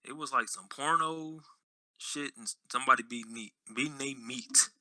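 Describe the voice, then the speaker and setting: A man's voice: medium pitch, moderate pace, sharp tone, no room sound, rough recording. A young man telling stories in a casual podcast chat, blunt and slangy. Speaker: podcast host.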